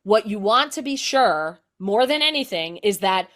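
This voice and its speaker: A middle-aged woman, a comedian guest, explaining and telling stories in an animated way, full of "like". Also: mid-range voice, unhurried. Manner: animated, explanatory, filler-heavy with "like". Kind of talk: conversational storytelling.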